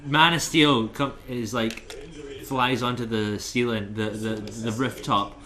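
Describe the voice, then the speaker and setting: A man's voice: mid-range voice, fairly even intonation, slow pace, a crowd in the background. A young man with a Scottish accent, rambling through stories in casual gaming commentary, swearing freely and laughing as he talks. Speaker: let's play co-host.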